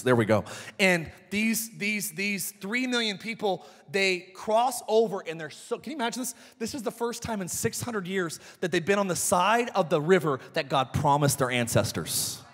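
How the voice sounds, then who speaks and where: A man in his thirties preaching a sermon as pastor, telling animated stories with shouted peaks. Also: high voice. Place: church sanctuary. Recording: church hall reverb.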